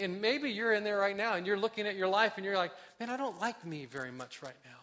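A man preaching a sermon as a pastor, acting out heartfelt prayers and dropping to soft, slow emphasis on key points. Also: high-pitched.

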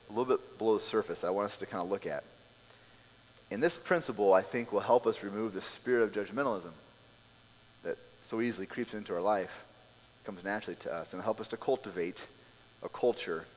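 Animated male pastor preaching in an echoing hall. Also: fairly low pitch. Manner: animated storytelling, acting out scenes. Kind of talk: sermon.

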